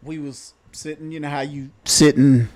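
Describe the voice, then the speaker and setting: Folksy man with a fairly high voice. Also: flat delivery, normal speed, a little mellow, no echo. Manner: laid-back, folksy, colloquial phrasing. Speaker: podcast co-host, retired police officer turned comedian. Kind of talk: casual storytelling chat.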